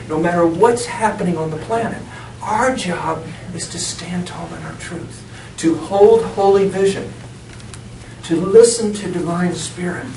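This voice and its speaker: A man's voice: high-pitched, a little mellow. A middle-aged man, a reverend, telling a personal story within a sermon and laughing often as he goes. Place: church sanctuary. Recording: echoey church from far off, noisy.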